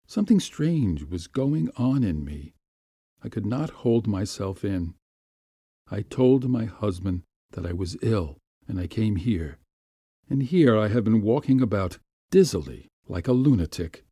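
A man voicing a remorseful young married woman, reading her anguished confession in his low, dry voice. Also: big pitch swings, measured pace, mellow, breathy edge, no room sound, full character voice. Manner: anguished, self-reproaching confession.

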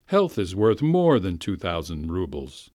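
Man doing a smooth-talking household doctor, honeyed, soothing, low voice. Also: wildly swooping pitch, measured pace, a little mellow, dry recording, studio quality, exaggerated voice.

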